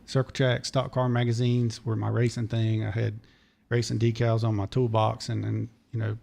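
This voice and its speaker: A man, a podcast guest telling a long, digressive story in a hoarse voice because he is losing it. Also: medium pitch, completely flat delivery, normal speed, dark tone, a little hiss or hum. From Charlotte area, North Carolina. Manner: digressive, detail-heavy storyteller. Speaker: podcast guest, former race mechanic. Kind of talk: long rambling story told in casual chat.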